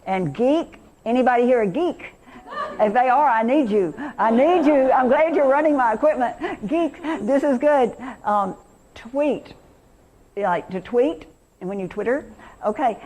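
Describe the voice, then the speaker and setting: A woman's voice: fairly high pitch, dark tone. A middle-aged woman teacher leading an interactive workshop lesson, enthusiastic and quizzing her audience.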